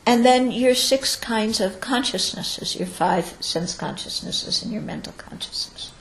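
A woman's voice: fairly high pitch, measured pace. A woman giving a Buddhist teaching to students, explaining step by step and often checking in with "okay?". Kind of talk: dharma talk to students. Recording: roomy echo.

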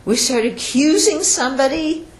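A woman with a high voice gives a dharma talk to an audience at a moderate pace, and the audio is poor with a roomy sound. She teaches Buddhism in a conversational manner, regularly checking in with listeners. When quoting others, she performs the lines with lively changes of voice.

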